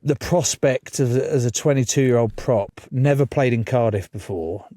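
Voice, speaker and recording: A man's voice: mid-range voice, moderate pace, warm tone, no echo, studio quality. Swearing man telling a story. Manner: storytelling, swears freely, laughs through stories. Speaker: podcast guest. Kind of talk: casual chat.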